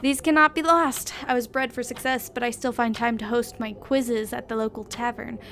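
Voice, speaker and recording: A woman's voice: fairly high pitch, steady tone, moderate pace, a bit bright, slight background noise. A woman voicing a pompous, smug aristocratic man who lectures a new employee. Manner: grandiose, pompous.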